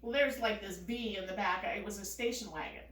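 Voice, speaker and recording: A woman telling a casual family anecdote, animated and often laughing as she talks. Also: mid-range voice, brisk, roomy sound, distant mic. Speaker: storyteller.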